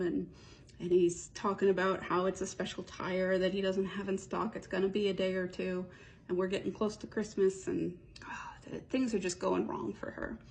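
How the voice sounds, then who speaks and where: Gravelly woman spinning a chatty story. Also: medium pitch, a little hiss or hum. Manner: rambling, chatty, many "and so" run-ons. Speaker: storyteller pitching a movie idea. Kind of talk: casual storytelling.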